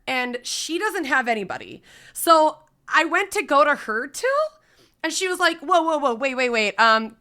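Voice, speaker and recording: A woman streamer casually telling a story to her chat, animated and swearing freely. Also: high voice. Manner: animated, swears freely, breaks into loud laughs.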